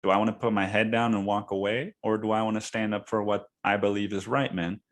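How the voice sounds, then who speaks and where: A man's voice: fairly low pitch, flat delivery, a little fast. A man hosting a podcast, telling a story in a casual, profane way and saying "dude" often. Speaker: podcast host.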